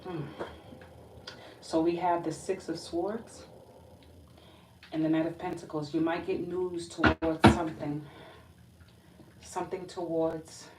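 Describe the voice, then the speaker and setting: Deep-voiced woman giving a tarot reading. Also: level tone, takes it slowly, long pauses. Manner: emotional, uneasy, talks to spirit and viewers, restarts often. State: feeling weak and agitated. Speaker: tarot reader. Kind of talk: casual tarot reading to viewers. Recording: roomy echo from a distance with background noise.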